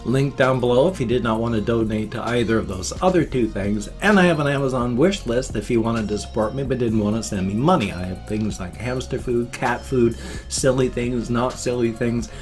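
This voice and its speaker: A man in his fifties talking casually to his viewers, stretching words and leaning on odd syllables for fun. His pitch sits in an ordinary middle range. Soft music plays faintly behind him. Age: 50s. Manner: playful odd emphasis, drawn-out words. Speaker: vlogger. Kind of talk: casual chat to camera.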